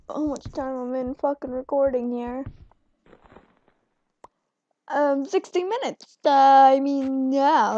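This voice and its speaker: A woman's voice: on the high side, darkish tone. Foul-mouthed young woman gaming, muffled audio. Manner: profane, rambling, self-mocking. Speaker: gaming channel host. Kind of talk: casual gameplay commentary. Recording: muffled lo-fi home recording.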